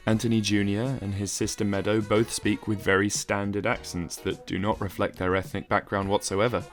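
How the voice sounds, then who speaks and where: A man giving a measured, explanatory, scripted narration for a video essay. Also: fairly low pitch, flat delivery, faint music behind.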